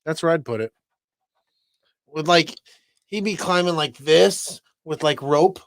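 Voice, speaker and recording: An excitable man co-hosting a podcast, swearing and laughing through a casual film chat. His voice is high for a man. The sound is dry and close, with no room echo. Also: unhurried. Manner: excitable, laughs a lot, profane. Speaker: podcast co-host.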